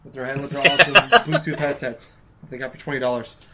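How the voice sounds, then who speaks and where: A man co-hosting a casual gaming podcast, cracking sarcastic, deadpan jokes. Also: medium pitch, fast talker. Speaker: podcast co-host. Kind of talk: casual chat.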